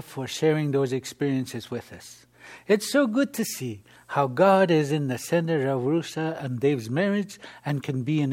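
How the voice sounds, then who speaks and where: A man's voice: fairly high pitch, darkish tone. A man hosting a Christian broadcast, thanking guests and inviting viewers to turn to faith in an earnest way. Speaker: host.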